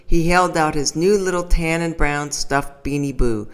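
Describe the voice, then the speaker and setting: A narrator reading a short teaching story in a calm, even storytelling manner. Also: medium pitch, unhurried, clear, resonant tone, soft background music. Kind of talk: scripted narration.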